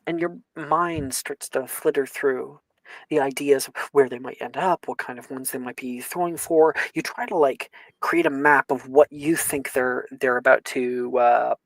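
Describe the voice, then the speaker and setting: A young man running a tabletop game, narrating the action loosely with lots of fillers and shouted sound effects. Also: medium pitch, steady tone, moderate pace, vocal fry, no echo. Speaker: game master.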